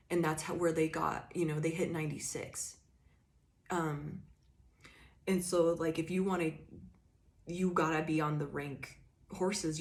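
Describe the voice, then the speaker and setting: A woman with a low voice doing a casual tarot reading. She talks straight to the listener, emphatic and profane, and rambles with plenty of "like" and "you know.". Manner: emphatic, swears freely, addresses the viewer directly; loose rambling talk with frequent "like" and "you know". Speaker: tarot reader.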